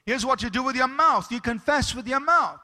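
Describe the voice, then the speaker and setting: A man's voice: very high-pitched, expressive, normal speed, sharp tone. A man preaching a sermon as pastor, emphatic, stopping to ask the congregation for amens.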